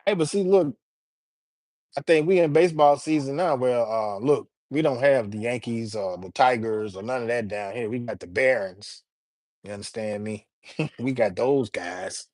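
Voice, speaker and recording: A man hosting a casual livestream, reading viewer comments and giving shout-outs in a laid-back, slangy way. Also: mid-range voice, normal speed, no echo, clean studio sound. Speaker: livestream host reading chat.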